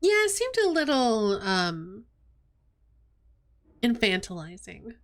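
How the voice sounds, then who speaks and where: Chatty, high-voiced woman streamer. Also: wildly swooping pitch, slow pace. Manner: chatty, self-mocking, laughing. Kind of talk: reading a visual novel aloud on stream.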